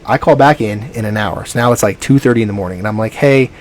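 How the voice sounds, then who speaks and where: A man's voice: lowish voice, quick pace, slight background noise. A man, rambling through a story in a casual vlog and acting out the people in it. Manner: rambling, animated retelling with quoted dialogue. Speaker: vlogger.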